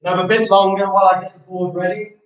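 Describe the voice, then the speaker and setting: A man's voice: high voice, level tone, fast, muffled recording. A young man teaching a live online primary lesson, reading pupils' sentences aloud and praising them.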